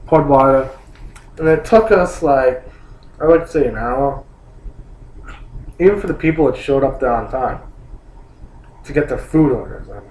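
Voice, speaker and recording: A man's voice: mid-range voice, animated, normal speed, pauses often, a little mellow. A young man telling an annoyed, rambling story about a trip, swearing and saying "like" a lot. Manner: annoyed, complaining, swears, rambling with many likes. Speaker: vlogger. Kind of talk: casual ranting story. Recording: roomy echo, faint hum.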